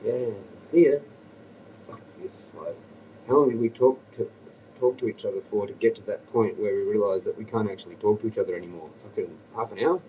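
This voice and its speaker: A man's voice: on the low side, fairly quick, recorded from a distance, narrow, tinny audio, slight background noise. An Australian man rambling and ranting on a livestream, profane and agitated.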